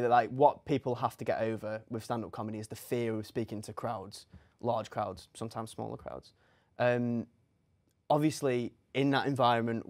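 A man's voice: mid-range voice, darkish tone. A man hosting a casual chat show, asking questions and reacting with short jokey remarks. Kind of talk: casual interview.

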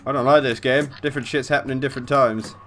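A man's voice: medium pitch, fairly even intonation, quick pace, soft background music. A man giving let's play commentary on a horror game, reading the text aloud and swearing at jump scares. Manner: swears often, jumpy reactions, reads game text aloud. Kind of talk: gameplay commentary. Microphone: desk mic with facecam.

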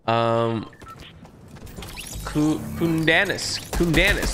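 A man live-streaming a game, chatting casually and reading out viewer shout-outs in quick upbeat bursts, with a sore throat. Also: mid-range voice, music in the background.

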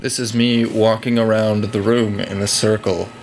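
A young man talking at home in a mocking parody vlog, at times jumping to loud high shouts. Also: flat delivery, moderate pace, music in the background. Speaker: vlogger. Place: home room.

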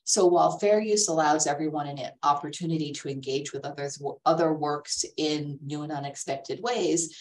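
A woman's voice: sits low, normal speed, few pauses, distant mic, rough recording. A woman giving a webinar talk on art law, her voice worn and fading after illness, explaining with frequent ums. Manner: explanatory, steady lecturing with many ums. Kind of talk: webinar presentation.

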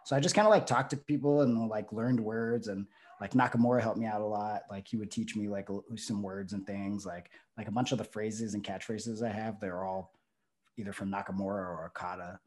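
A man's voice: on the low side, steady tone, a little fast, a little mellow. A male pro wrestler talking casually as an interview guest, rambling with lots of fillers and restarts.

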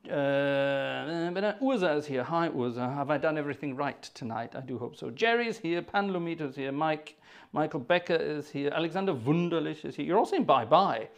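During a livestreamed organ concert he hosts, a man chats casually with viewers, greeting them by name with jokes and self-mocking remarks. His voice is a little high and creaky, at a normal speed.

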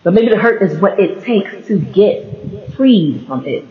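A man with a high, very lively voice talks through a casual faith-based monologue, rambling and laughing as he goes. He restarts sentences often. The recording is roomy and slightly dull. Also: unhurried. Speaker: vlogger.

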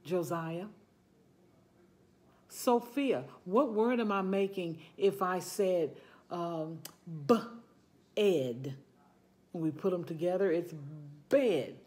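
A woman preschool teacher speaking gently and encouragingly to her class as she says goodbye. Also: on the low side, extremely slow, pauses often. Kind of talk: farewell talk to a preschool class.

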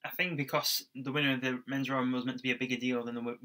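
Man, young adult, rambling casual podcast chat, bright tone. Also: mid-range voice, flat delivery, racing. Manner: rambling, chatty, with fillers and restarts. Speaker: podcast co-host. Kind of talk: casual chat reviewing wrestling.

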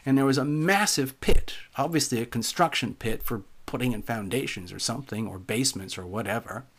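A man narrating an eerie personal story in a calm, measured voice of middle pitch. He lets lines sink into near murmurs at their ends. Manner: calm, measured, often trailing off quiet. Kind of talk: spoken first-person story.

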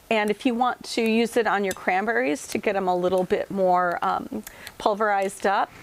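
A woman's voice: mid-range voice, rough recording. A woman giving a home cooking demonstration in a kitchen, talking to viewers in a chatty, folksy and playful way.

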